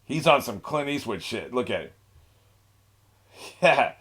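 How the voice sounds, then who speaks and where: A man's voice: medium pitch, animated, a little slow, fairly bright tone, slightly rough. A young man hosting an anime reaction, rambling in a laid-back way with frequent laughs and mocking asides. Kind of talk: casual reaction commentary.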